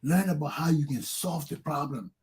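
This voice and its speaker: A Liberian man with a Liberian English accent, hosting a talk show as an impassioned monologue that swings from low intensity to loud urging. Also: moderate pace, husky. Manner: preachy and fiery, swings from low intensity to shouting.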